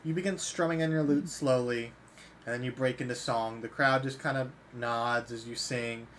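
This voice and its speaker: A man at an ordinary middle pitch runs a tabletop game as game master. He describes each scene in an easygoing way, with small fillers. A faint background hiss sits under his voice. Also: fairly even intonation, moderate pace, fairly bright tone.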